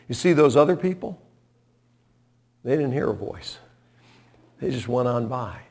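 A man delivers a sermon at an unhurried, measured pace. He tells stories as he preaches. His voice drops to a hush and then rises sharply for emphasis. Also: medium pitch, lively intonation, vocal fry. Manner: storytelling preacher, swings from hushed to loud and emphatic.

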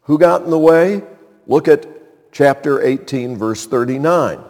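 A man's voice: a little high, a little slow, a little mellow, long reverb tail. A man preaching a sermon as a pastor, earnest and building in force on key points.

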